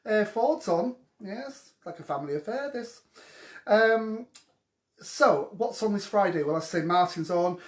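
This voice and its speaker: A man's voice: high voice, expressive, a little slow. A man hosting a casual live question-and-answer show from home, with cheeky, gossipy banter aimed at his viewers. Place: at home during lockdown. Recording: echoey room.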